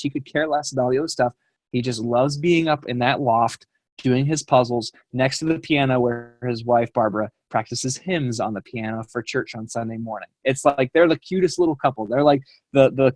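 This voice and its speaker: A young man, a fitness coach, tells a story on a team call with rambling, animated energy. His voice sits mid-pitch, and the sound is dry and close. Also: no echo.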